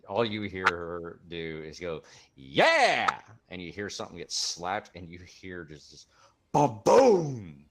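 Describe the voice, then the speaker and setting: A man's voice: sits low, a bit bright. A man serving as game master, narrating a tabletop game scene with spoken sound effects.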